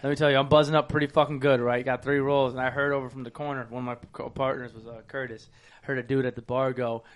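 A man's voice: medium pitch, level tone, fast talker. A young man telling long, profane, rambling stories while co-hosting a casual chat. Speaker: podcast co-host.

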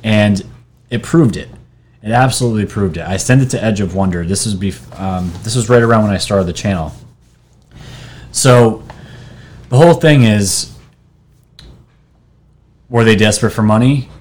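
A man's voice: on the low side, moderate pace, long pauses, a little mellow. A man hosting his own video channel, talking casually and rambling while reading posts and articles off his screen, with restarts and fillers. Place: New York.

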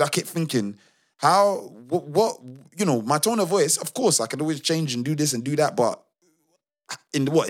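A man's voice: on the high side, a bit bright. A man co-hosting a casual podcast, telling a story emphatically with lots of restarts. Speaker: podcast co-host.

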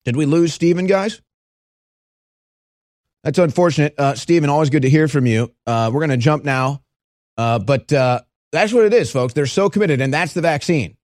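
A man hosting a call-in radio show, taking callers and breaking into animated mocking impressions. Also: moderate pace, dry recording, studio quality. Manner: animated, jumps into high mocking voices for impressions. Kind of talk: talk radio host taking calls.

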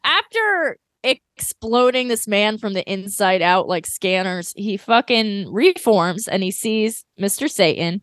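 A woman co-hosting a podcast, recapping an anime episode in casual, animated chat full of laughs and fillers. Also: mid-range voice, measured pace, hardly any pauses, no echo, clean studio sound. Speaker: podcast co-host.

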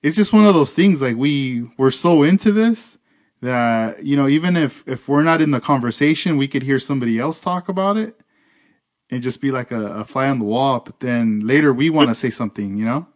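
A man's voice: mid-range voice, expressive, a little fast. A man hosting a podcast, chatting in an easygoing way and thinking aloud with likes and restarts. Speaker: podcast host. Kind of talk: casual chat.

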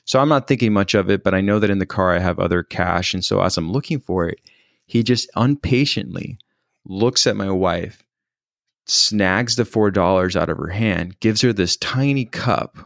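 With a very low voice full of gravelly fry that still comes across a bit bright, a man tells a story from his own life. He hesitates thoughtfully, pausing and starting over often, and the close, dry recording has no room sound.

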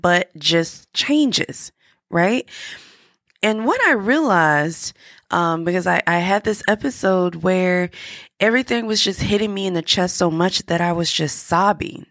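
A woman's voice: low-pitched, fairly bright tone, no room sound, studio quality. A woman hosting a podcast, talking candidly and encouragingly straight to her listeners. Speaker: podcast host. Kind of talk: motivational podcast monologue.

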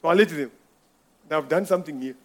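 A man's voice: a little high, fairly quick, a little hiss or hum. A man giving an informal church testimony, telling a rambling story with frequent chuckles.

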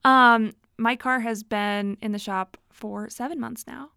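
A woman's voice: on the high side, steady tone, unhurried, vocal fry, sharp tone, clean tone, no echo, studio quality. A woman hosting a casual solo podcast, chatty and reflective, laughing often and talking with lots of fillers. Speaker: podcast host.

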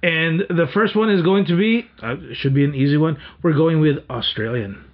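A man's voice: a little high, normal speed, lo-fi sound. A man hosting a casual podcast chat, joking and teasing the others between laughs. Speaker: podcast host.

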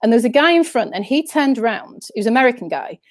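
Woman, northern English accent, fairly high pitch, dry close sound, rambling chatty guest. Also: big pitch swings, fast talker, no echo. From northern England. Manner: chatty, rambling storyteller who restarts sentences. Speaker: interview guest. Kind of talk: casual interview chat.

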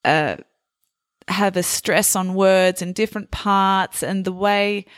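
A woman's voice: mid-range voice, fairly even intonation, takes it slowly, no room sound, studio quality. A woman interviewing a guest in a casual chat, asking friendly and curious questions.

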